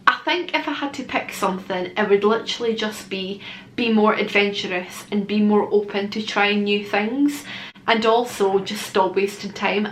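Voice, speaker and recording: Brief: young woman, heartfelt chatty vlogger, mid pitch, roomy echo, faint hiss. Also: fairly bright tone. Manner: candid, emotional, swears casually. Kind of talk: casual Q&A vlog. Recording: echoey room with faint noise.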